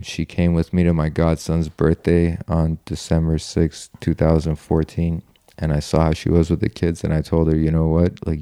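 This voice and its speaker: A man's voice: extremely low pitch, vocal fry, warm tone, dry recording, clean studio sound. A man telling a personal story in a loose, rambling way, full of "like" and "you know", with casual swearing. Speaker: guest telling his story.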